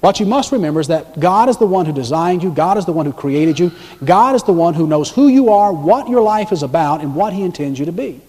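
A man preaching a sermon, swinging from loud, emphatic lines to hushed, drawn-out ones. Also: fairly high pitch, animated, big-room sound. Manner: dramatic swings between loud emphasis and hushed, slow delivery. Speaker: pastor.

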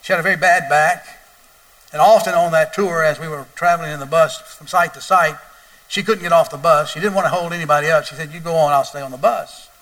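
Male pastor, storytelling sermon, bright tone, picked up from a distance. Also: on the high side. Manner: builds from quiet storytelling to loud, wailing emphasis.

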